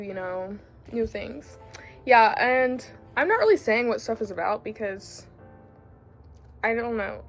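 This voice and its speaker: A woman in her late teens with a Southern US country accent, chatting casually in a rambling way, full of fillers and self-corrections, as a book vlogger. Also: fairly high pitch. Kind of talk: casual chat.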